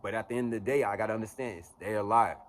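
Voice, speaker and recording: A young man in his twenties talks straight to camera in a blunt, cussing pep talk, his voice sitting fairly low. A faint hum of room ambience runs behind him. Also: fast talker. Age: 20s. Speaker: motivational vlogger. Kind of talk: unscripted motivational monologue.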